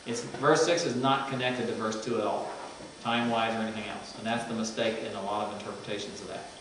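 A man's voice: lowish voice, fairly even intonation, fast talker. A man teaching a seminary Greek reading class, explaining verb forms and interpretation in a conversational way. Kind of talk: classroom lecture. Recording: echoey classroom from far off, faint hum.

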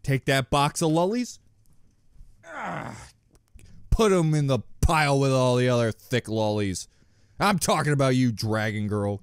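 A man rambling through reaction commentary with lively swings in pitch and crude, self-mocking jokes. He often laughs at himself between remarks. The sound is dry and close, with no room around it. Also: measured pace, smooth, dry recording. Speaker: reaction channel host.

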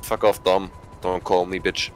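A man's voice: deep voice, level tone, measured pace, loud music behind the voice. A man organizing an online game hunt, chatting casually over voice chat with many hesitations. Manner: hesitant, lots of fillers and restarts. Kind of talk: casual voice chat while gaming.

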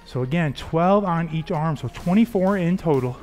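A man's voice: a little high, animated, normal speed, darkish tone. Upbeat man coaching a workout. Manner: upbeat and encouraging, counting reps. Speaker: fitness coach. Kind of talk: workout instruction. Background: faint background music.

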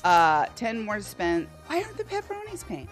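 Playful woman slot streamer, voice jumps all over, quiet casino tunes in the back. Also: mid-range voice, huge pitch swings, normal speed. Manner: chatty, playful, greets viewers by name. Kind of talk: casual live-stream chat with viewers. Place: at home. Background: faint slot game music.

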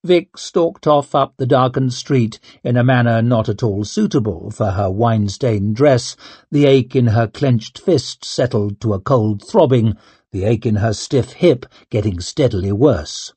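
A man narrating a fantasy audiobook in a measured, even reading. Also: medium pitch, slightly rough, dry recording. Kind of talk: scripted narration.

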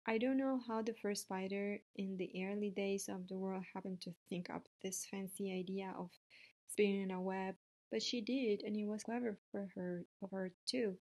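A woman voicing a calm, clever female spider in a storybook read-aloud, matter-of-fact and measured. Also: medium pitch, close to an everyday voice. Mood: reflective.

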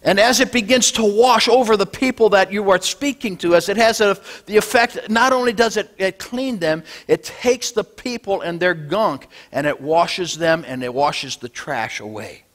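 A male pastor preaching a Sunday sermon, swinging between loud declarations and low, quiet lines. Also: moderate pace, few pauses. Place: church sanctuary.

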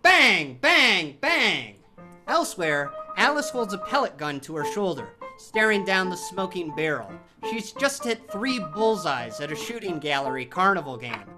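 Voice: mid-range voice, big pitch swings, moderate pace, hardly any pauses, over music. A narrator telling a horror audio drama in a vivid storytelling style. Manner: vivid, storytelling delivery with sound-effect shouts.

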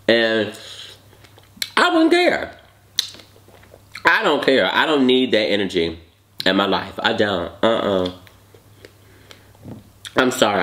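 A man's voice: fairly low pitch, fairly bright tone. Young guy doing a mukbang, sassy and over the top, takes his time, voice swings up and down a lot. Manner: sassy, dramatic, chatty. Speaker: vlogger. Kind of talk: casual mukbang chat. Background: eating while talking.

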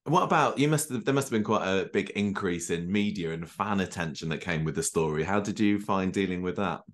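A man's voice: deep voice, brisk. A man hosting a podcast, asking questions with brief, friendly prompts. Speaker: podcast host. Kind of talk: casual interview questions.

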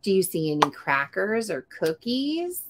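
A woman's voice: medium pitch, big pitch swings, measured pace, noisy background. A woman reading a picture book aloud to a young child, coaxing him with questions and breaking into gasps and exclamations. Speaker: storytime host.

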